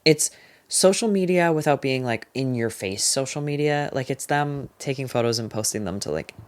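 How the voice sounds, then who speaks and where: A young adult talking through a casual book review vlog, chatty and opinionated, with lots of "like" fillers and quick, emphatic verdicts. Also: medium pitch.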